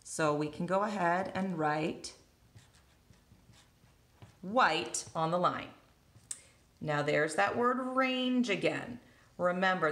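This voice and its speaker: A woman teacher with a low, unhurried voice walks through a worksheet, thinking aloud step by step. She taps syllables out on her table while holding the recorder in her other hand. The room around her is echoey. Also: a bit bright. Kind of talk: recorded classroom lesson walkthrough. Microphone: handheld recording device.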